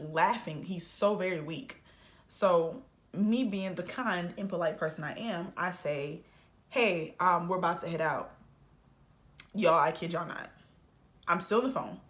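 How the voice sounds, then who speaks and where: Brief: young woman, storytime vlogger, lively delivery that leaps up and down when she quotes people, mid-range pitch. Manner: animated, acts out quotes with big pitch jumps. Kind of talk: casual storytime.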